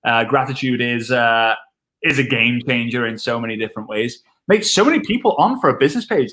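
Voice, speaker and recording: Bright, excitable man. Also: medium pitch, fairly quick. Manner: excitable, jokey, wordplay. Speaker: network marketing trainer on a live stream. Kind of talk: energetic live-stream chat.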